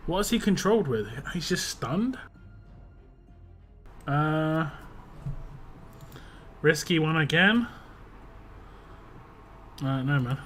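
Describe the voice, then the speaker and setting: Pitched a touch high with a bright, forceful tone, a young man streams a game and rambles between laughs, reading chat aloud, his voice a little rough after a drink. He is expressive but slow, pausing often over soft background music.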